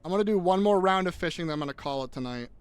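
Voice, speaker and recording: A young man live-streaming a game, chatting casually with viewers in a profane, animated way, ranting and restarting his sentences. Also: sits high, rapid-fire, clean tone. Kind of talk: casual live-stream chat while gaming.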